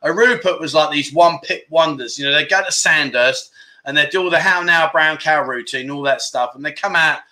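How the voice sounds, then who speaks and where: This livestream host has a voice on the high side, bright and forceful, running a little fast. He keeps it relaxed and jokey, trading banter with viewers and reading out their comments in slangy talk.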